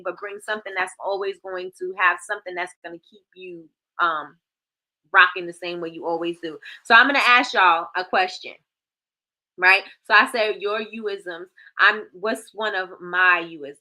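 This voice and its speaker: A woman's voice: mid-range voice, normal speed, pushed and bright, poor audio. A woman hosting a live stream, giving emphatic, repetitive motivational talk and laughing often.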